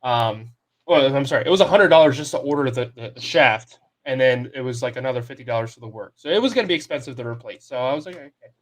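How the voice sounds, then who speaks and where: A man's voice: mid-range voice, fast. A young man co-hosting a sports podcast, telling a long story in a loose, casual way and quoting the people in it. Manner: animated storyteller, quotes people in his story. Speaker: podcast co-host.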